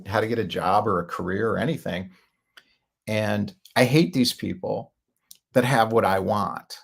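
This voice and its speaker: Gravelly-voiced man telling a story. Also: fairly low pitch. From Chicago area, United States. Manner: chatty, laughs often, acts out quoted lines. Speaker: podcast host. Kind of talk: casual storytelling monologue.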